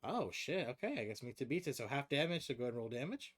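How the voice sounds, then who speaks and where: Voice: mid-range voice, sing-song, quick pace. A game master running a tabletop game on stream, talking casually, swearing freely and laughing often.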